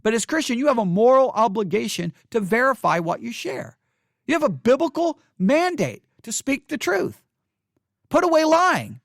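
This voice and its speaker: A man's voice: extremely high pitch, big pitch swings, normal speed, gravelly, no echo, clean studio sound. Earnest man pleading. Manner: earnest and pleading, with emphatic repeated phrases. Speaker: podcast host. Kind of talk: impassioned commentary. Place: home studio in Texas.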